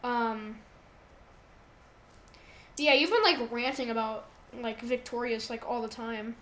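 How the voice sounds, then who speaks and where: A woman's voice: fairly high pitch, slow pace, a bit bright, slight background noise. A teenage girl hosting a casual podcast chat at home, rambling with lots of fillers. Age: teens. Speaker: podcast host.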